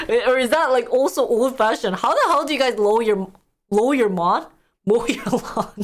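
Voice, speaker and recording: A woman's voice: fairly high pitch, measured pace. A woman streaming live, chatting casually with her viewers, reacting to news items with frequent laughter.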